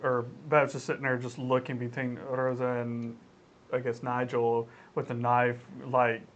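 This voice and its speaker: A woman's voice: a bass voice, little pitch movement, unhurried, highs cut off, slight background noise. A woman playing in a tabletop game, giggling and thinking aloud about her character's reactions. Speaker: player. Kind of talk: casual tabletop role-play.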